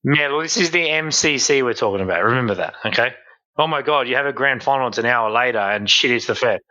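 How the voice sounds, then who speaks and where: A man's voice: medium pitch, fast, bright, forceful tone, lo-fi sound. A man joining a podcast chat, emphatic and exclaiming as he argues a point. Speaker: podcast guest. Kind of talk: casual chat.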